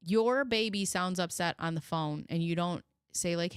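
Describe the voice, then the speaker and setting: A woman's voice: lowish voice, normal speed, hardly any pauses, clean tone, dry recording, clean studio sound. A woman hosting a commentary show, reading deposition questions and answers aloud and adding sarcastic, mocking asides.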